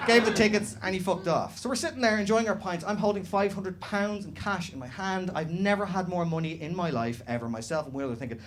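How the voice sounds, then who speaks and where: A young Dublin man with a Dublin Irish accent, doing animated, sweary, self-mocking stand-up storytelling live on stage. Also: on the high side, fast, hardly any pauses, noisy background. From Dublin, Ireland. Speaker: stand-up comedian. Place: comedy club stage, live audience. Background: faint room ambience, audience laughter.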